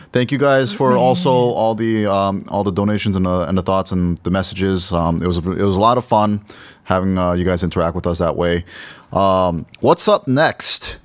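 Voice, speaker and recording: A man's voice: low-pitched, steady tone, normal speed, no echo. A man hosting a casual podcast, giving loose announcements full of fillers. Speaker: podcast host. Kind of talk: casual chat.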